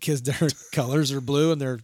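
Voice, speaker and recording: A man's voice: mid-range voice, steady tone, normal speed, darkish tone, no echo, clean studio sound. A young man co-hosting a podcast, chatting casually and enthusiastically, rambling and laughing often. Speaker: podcast co-host. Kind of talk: casual chat.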